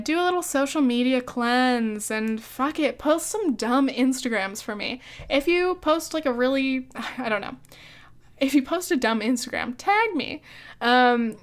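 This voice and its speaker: A woman's voice: high-pitched, clean tone. A young woman hosting a solo podcast, rambling casually with lots of fillers, cursing freely and laughing as she talks, hiccuping now and then. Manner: chatty, profane, laughs often, filler-heavy. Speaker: podcast host.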